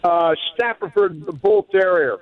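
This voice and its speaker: A man's voice: high-pitched, huge pitch swings, slow pace, a crowd in the background. A man calling in to a radio show, asking hesitantly for help. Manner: hesitant, unsure. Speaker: caller. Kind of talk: phone-in question. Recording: tinny phone line.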